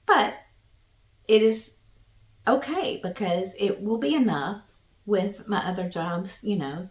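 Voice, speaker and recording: Slow-talking Southern woman in her fifties. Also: medium pitch, roomy sound. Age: 50s. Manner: slow, halting, homespun and earnest. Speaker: vlogger. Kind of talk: casual talk to camera.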